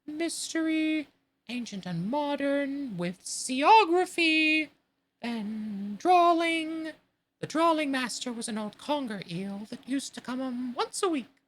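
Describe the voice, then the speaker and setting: A woman voicing a melancholy old male Mock Turtle, drawing out her words slowly with sighs. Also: sits high, expressive, voice pushed up. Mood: mournful. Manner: slow, drawn-out, sighing delivery.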